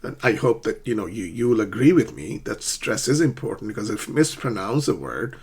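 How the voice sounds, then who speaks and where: A man teaching English pronunciation in an online lesson, speaking deliberately and repeating words to demonstrate how their stress shifts. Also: on the low side, lively intonation, slightly rough.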